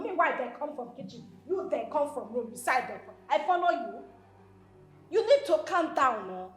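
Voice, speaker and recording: An actress playing a brash, defiant young woman who speaks Nigerian Pidgin in a Nollywood film. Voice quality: high, lively, swaggering Pidgin talk.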